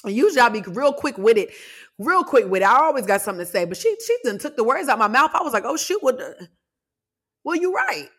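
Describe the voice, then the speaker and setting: A young adult woman hosting a podcast, telling a personal story in a casual, animated way with asides to her listeners. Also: a little high, quick pace. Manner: lively, animated retelling with laughs and asides to listeners. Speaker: podcast host.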